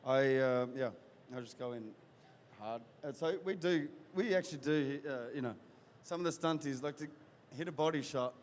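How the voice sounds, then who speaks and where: Halting man in a reverberant hall. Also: mid-range voice, slight background noise. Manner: halting, full of restarts and fillers. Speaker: actor and guest. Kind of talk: casual interview chat. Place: convention event hall. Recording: reverberant hall with faint crowd ambience.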